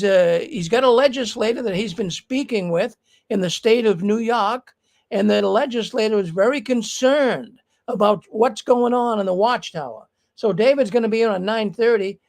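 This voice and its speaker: Male livestream host, casual emphatic commentary, fry in the voice. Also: high voice, rough recording. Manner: emphatic, talks straight to the viewers. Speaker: livestream news show host. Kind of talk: casual live commentary on news.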